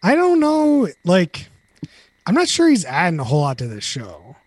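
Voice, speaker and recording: A man's voice: high-pitched, wildly swooping pitch, normal speed, a little mellow, dry recording. A man hosting a casual podcast chat, joking and hedging as he talks. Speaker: podcast host.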